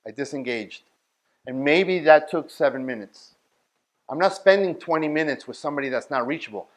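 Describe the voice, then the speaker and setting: A man with a fairly high voice leads a workshop. He talks bluntly and directly and keeps checking in with the people listening. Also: animated, moderate pace. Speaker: outreach workshop leader. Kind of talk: workshop talk.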